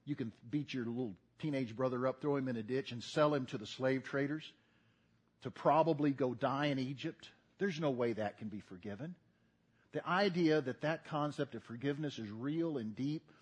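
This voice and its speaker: A man's voice: mid-range voice, breathy edge. An older man preaching a sermon, folksy and earnest, building to emphatic repetition. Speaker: pastor.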